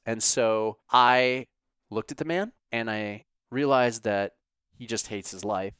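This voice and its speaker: A man telling a casual, animated story, sarcastic and full of profanity. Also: fairly low pitch, takes it slowly, clean tone, no echo, studio quality.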